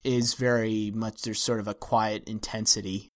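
A man's voice: on the low side, level tone, moderate pace. Wry, hesitant male podcast host. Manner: hesitant, restarts thoughts, wry. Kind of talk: casual film discussion.

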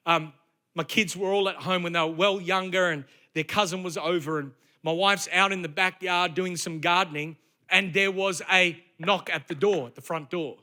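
A middle-aged man delivers a sermon from a church stage in a high, very bright and forceful voice. He preaches in a lively storytelling style and keeps asking the congregation rhetorical questions. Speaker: pastor.

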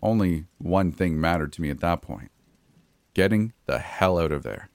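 Low gravel-free deep guy telling a creepy story, blunt and salty, dry close sound. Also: lively intonation, normal speed, no room sound. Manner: gritty, blunt, with frequent mild cursing. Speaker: narrator. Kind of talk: first-person horror story narration.

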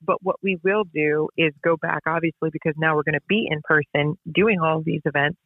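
A woman who referees basketball tells stories as a podcast guest in a casual interview, emphatic and repetitive. Her low voice has fairly even intonation and a brisk pace, with no echo, though the recording has a tinny phone-line sound.

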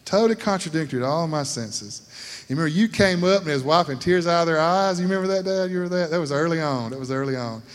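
In an echoing church hall, a middle-aged lay speaker with a voice on the high side talks at a quick pace. His sermon testimony comes as folksy storytelling that keeps turning to listeners with "you know what I'm talking about".

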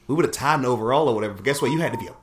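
A man's voice: medium pitch, very fast. A young man hosting a casual sports podcast with friends, profane and trash-talking. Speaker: podcast host.

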